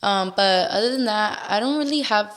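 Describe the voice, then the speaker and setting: A woman's voice: mid-range voice, moderate pace. A young adult woman, a podcast guest, telling a personal story in a chatty way with many "like" fillers, acting out what people said. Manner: chatty, lots of "like" fillers, acts out quoted lines. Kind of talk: casual storytelling interview.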